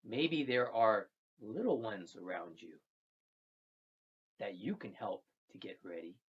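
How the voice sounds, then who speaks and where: A storyteller speaking slowly and gently, repeating phrases while telling a traditional tale to children. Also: mid-range voice, husky. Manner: slow, gentle and repetitive, with soft trailing phrases. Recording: dull lo-fi recording.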